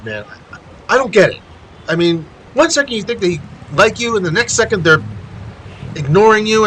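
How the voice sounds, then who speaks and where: A man voicing an eager, rambling teenage boy hero in a fan audio drama, pitched above his own voice. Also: fairly bright tone, a little hiss or hum, poor audio.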